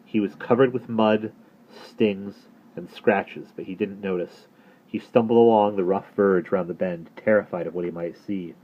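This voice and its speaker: Male reader of a children's novel, very low voice, steady and measured. Thin, phone-like audio. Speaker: narrator. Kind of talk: reading a children's novel aloud. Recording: phone-like narrow sound.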